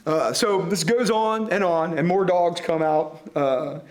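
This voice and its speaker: A man on a discussion panel, retelling a story and reading passages aloud with animated delivery. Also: on the high side, unhurried. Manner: animated, chuckling between readings.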